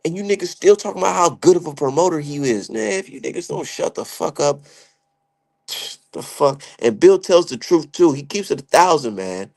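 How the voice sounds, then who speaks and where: Brief: young man, gravelly voice, sits a little high, heated profane rant, streamer commentary. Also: normal speed. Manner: heated, profane, animated, slangy. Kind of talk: ranting casual commentary.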